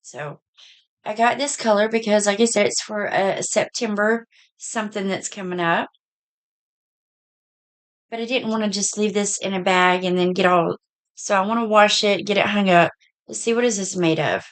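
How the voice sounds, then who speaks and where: A middle-aged woman with a Southern US accent, a bit hoarse, chatting in a folksy way through a casual haul video. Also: medium pitch, fairly even intonation, normal speed. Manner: chatty, folksy, says y'all. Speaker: vlogger.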